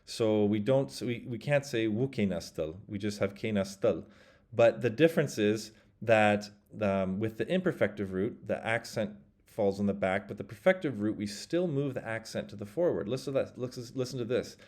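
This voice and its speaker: Lower-voiced man teaching a language lesson. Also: animated, darkish tone. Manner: explains step by step, models phrases slowly and leaves pauses for practice. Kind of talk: casual spoken language lesson.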